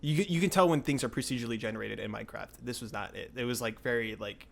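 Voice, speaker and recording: A young man hosting a podcast, telling a story in a rambling, excitable way with lots of filler words. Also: medium pitch, fast talker, vocal fry. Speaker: podcast host. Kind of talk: casual storytelling chat.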